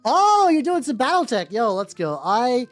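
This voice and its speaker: A man's voice: very high-pitched, big pitch swings, normal speed. A man streaming casually while he paints miniatures. He rambles, swears freely and often restarts his sentences. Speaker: VTuber streamer. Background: faint background music.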